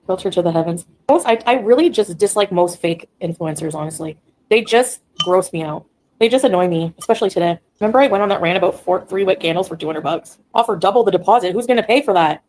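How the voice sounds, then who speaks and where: A woman's voice: lowish voice, expressive, fast, a little mellow, slight background noise, low-quality recording. A woman on a casual livestream, talking bluntly, ranting and reading chat aloud.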